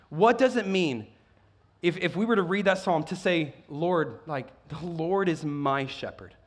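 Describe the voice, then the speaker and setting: A man preaching a sermon as a pastor, excitable and often stumbling and restarting his sentences. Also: sits high.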